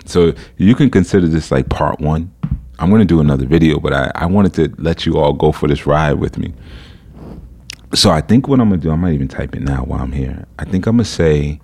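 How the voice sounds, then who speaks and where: A man hosting a podcast, telling a story in a casual, animated way, incredulous and laughing at times. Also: rumbling low, brisk. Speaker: podcast host.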